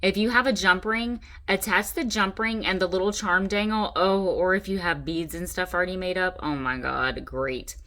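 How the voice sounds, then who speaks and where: Chatty, excitable woman crafter. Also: lowish voice. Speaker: craft channel host. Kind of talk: casual crafting tutorial.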